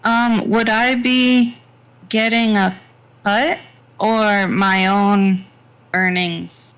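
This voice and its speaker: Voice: mid-range voice, fairly even intonation, drawn-out words, a bit bright, clear, resonant tone, low-quality recording. A player in a tabletop game over voice chat, asking hesitant questions about the rules.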